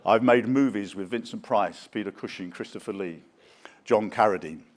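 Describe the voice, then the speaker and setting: An older man and actor telling lively theatre and film anecdotes at a conference, acting out the voices of the people he quotes. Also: lowish voice, moderate pace. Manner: theatrical storyteller who acts out quoted voices. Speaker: guest speaker, actor. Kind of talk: anecdotal after-dinner talk.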